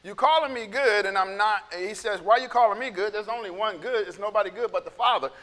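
A man gives a relaxed, chatty sermon, repeating phrases and acting out what people say. His voice is bright and a little high. It echoes through a large hall. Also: brisk. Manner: conversational, repeats himself, acts out quotes. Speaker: pastor. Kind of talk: casual sermon.

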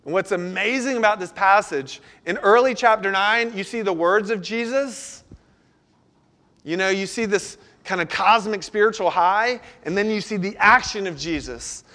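Male pastor, slightly high voice, earnest sermon delivery with pleading prayer lines. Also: normal speed, sharp tone.

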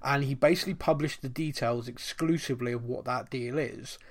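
A man co-hosting a podcast in casual football chat, chatty and quick to laugh, with plenty of fillers. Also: medium pitch, fairly even intonation. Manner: chatty, laughs often, many fillers and restarts; reads listener mail aloud. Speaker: podcast co-host.

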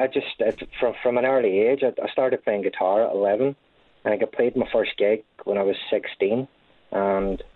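Scottish male guest in his 30s, lower voice, stop-start delivery, thin phone line. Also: no room sound. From Scotland. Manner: halting, with many restarts and repeated words. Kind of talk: casual conversational interview.

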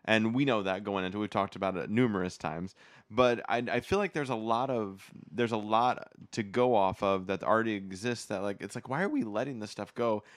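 A man's voice: on the low side, a little fast, no room sound. A man chatting casually as a podcast host, talkative and opinionated, restarting his sentences often. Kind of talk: casual chat.

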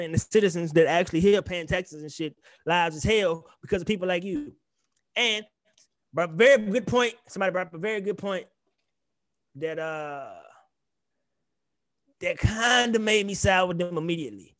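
A young man co-hosting a podcast, ranting in animated, profane casual chat. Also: high voice, moderate pace, pauses often, dry recording, studio quality. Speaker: podcast co-host.

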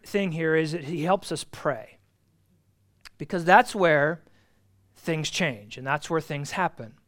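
Guy with a high voice teaching bible class, earnest, says the key bits twice. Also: fairly bright tone. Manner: earnest, repeats key phrases for emphasis.

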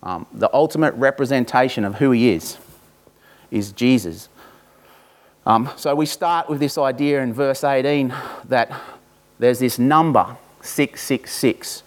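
Man preaching a sermon, slow deliberate scripture reading. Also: mid-range voice. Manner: reads scripture slowly and deliberately, then talks informally to the congregation. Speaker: pastor.

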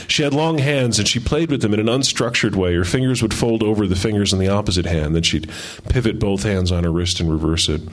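Guy reading his story out loud, wry and measured, lowish voice. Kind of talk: reading his fiction aloud.

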